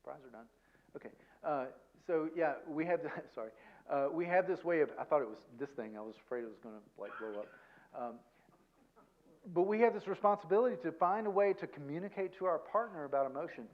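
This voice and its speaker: A man giving a conversational seminar talk as a guest counselor, self-deprecating and tagging his points with quick check-ins to the audience. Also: a little high, animated, highs cut off. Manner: chatty, self-deprecating, peppers points with "okay?" and "right?".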